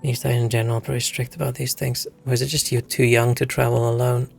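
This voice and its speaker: Fast and creaky, his mid-range voice shows little pitch movement. He's a young adult from South Africa streaming a game, casually rambling through stories and swearing as he goes.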